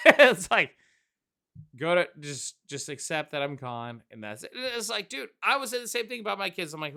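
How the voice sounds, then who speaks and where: A man co-hosting a movie chat, animated and mocking, swearing and acting out lines. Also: sits high, moderate pace, creaky. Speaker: movie podcast co-host. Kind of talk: casual chat.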